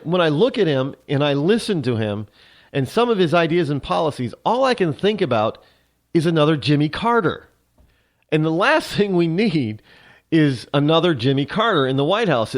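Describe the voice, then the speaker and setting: Male talk host, rambling political monologue, animated pitch, frequent restarts. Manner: rambling, halting with many restarts.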